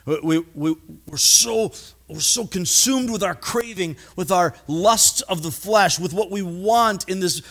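A man preaching a sermon, animated and acting out voices, often stumbling and repeating words. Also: sits high, measured pace. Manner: animated, acts out voices in quotes. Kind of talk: expository sermon.

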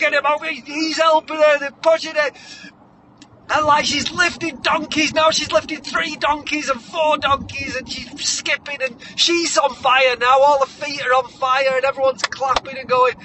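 A man telling a comic story, acting scenes out with shouted voices. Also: very high voice, steady tone, moderate pace, noisy background. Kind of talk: comedic improvised storytelling.

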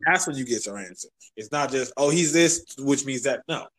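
Male guest, easygoing slang talker, mid pitch. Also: normal speed, a bit bright, low-quality recording. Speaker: podcast guest. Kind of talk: casual chat.

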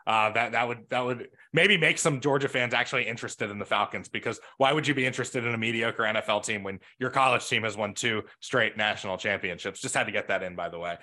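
A man's voice: on the low side, fast talker, sharp tone. A man co-hosting a casual football podcast, chatty and loose, with frequent laughs and asides. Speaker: podcast co-host.

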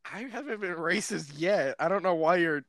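A man's voice: sits high, animated, normal speed, fairly bright tone, dry recording. A man co-hosting a casual podcast, joking around, swearing and laughing often, without his usual microphone. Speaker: podcast co-host. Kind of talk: casual chat. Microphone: not his usual microphone.

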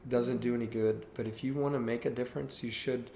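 Earnest older man with gravelly voice. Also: medium pitch, fairly quick. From Cuba. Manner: earnest, animated anecdote telling. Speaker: guest. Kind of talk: interview storytelling. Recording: roomy echo with faint background hiss.

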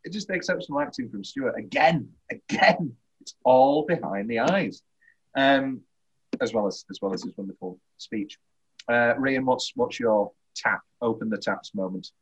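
Rambling, husky-voiced man. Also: medium pitch, expressive, poor audio. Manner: rambling, halting, laughs often. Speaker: podcast host. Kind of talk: casual film discussion.

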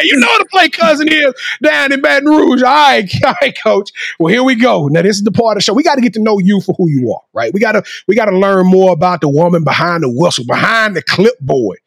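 A man hosting a sports talk show, loud and sing-song, with shouted call-outs. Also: sits high, vocal fry, no room sound. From Shreveport, Louisiana, USA. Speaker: podcast host.

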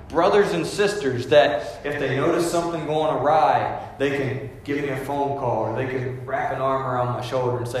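Male pastor, conversational preacher, slightly high voice, booming hall reverb. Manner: emphatic, conversational preaching that acts out everyday voices. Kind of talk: sermon. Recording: very echoey hall with long reverb.

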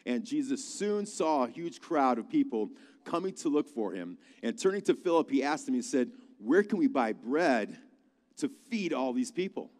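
Man, pastor, conversational sermon, lively asides, long hall reverb. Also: medium pitch, moderate pace. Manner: conversational, animated storytelling with asides. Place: large church hall.

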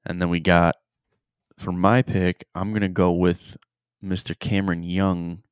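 Deep-voiced young man chatting casually. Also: a little slow, smooth, no room sound, clean studio sound. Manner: relaxed, laughs often, gives betting picks. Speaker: podcast co-host. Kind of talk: casual chat.

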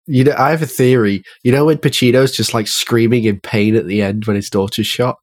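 A man's voice: mid-range voice, fairly even intonation, normal speed, no room sound. A man chatting casually about a film, wry and joking, often laughing. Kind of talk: casual film review chat.

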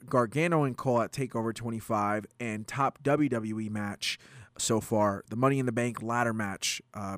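A man's voice: medium pitch, no echo, studio quality. A tired man co-hosting a casual wrestling podcast, ranting and joking. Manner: excitable, rants, jokey. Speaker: podcast co-host.

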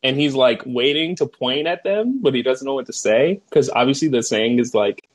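A man's voice: mid-range voice, expressive, normal speed, hardly any pauses, breathy edge. A man co-hosting a podcast, casually chatting and acting out movie quotes with frequent laughter. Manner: laughing, acts out quotes in raised voice. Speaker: podcast co-host. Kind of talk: casual chat, quoting movie lines.

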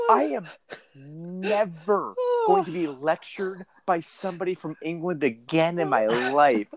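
Animated, swearing man riffing on a podcast. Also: a little high, measured pace, background noise. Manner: animated, profane, riffing incredulously. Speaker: podcast co-host. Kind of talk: comedic podcast banter.

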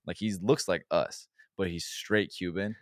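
A young man co-hosting a podcast, telling stories in a relaxed, laughing way and swearing a lot. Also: low voice, a little slow, no room sound, clean studio sound. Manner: laid-back, swears a lot, laughs often. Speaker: podcast co-host. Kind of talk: casual chat.

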